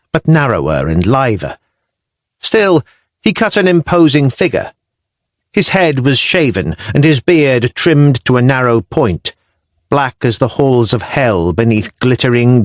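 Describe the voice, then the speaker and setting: A man reading a historical audiobook in measured, descriptive storytelling, recorded on a close studio mic. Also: mid-range voice, no echo. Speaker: audiobook narrator. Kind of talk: scripted narration.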